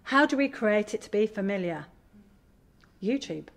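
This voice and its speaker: A middle-aged woman giving a candid, animated talk to an audience as a parent. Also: medium pitch, normal speed, creaky. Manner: animated, candid, self-deprecating. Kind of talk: live presentation to an audience.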